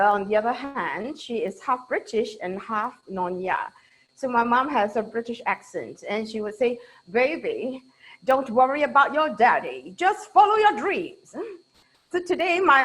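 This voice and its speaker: A Singaporean woman leading a lively online training webinar, chatty and checking in with her audience. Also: fairly high pitch, poor audio.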